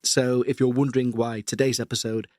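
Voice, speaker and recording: A man with a Scouse accent, a podcast host reading out a listener's story and then commenting on it in an earnest, measured way, his throat still sore. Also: mid-range voice, little pitch movement, a little mellow, no room sound, studio quality.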